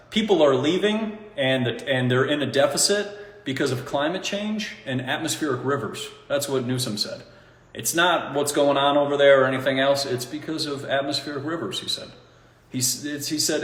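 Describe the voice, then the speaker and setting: A man talking in a casual, rambling monologue, animated and mocking, often breaking into laughter at his own points. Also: mid-range voice, moderate pace. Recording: echoey room with long reverb.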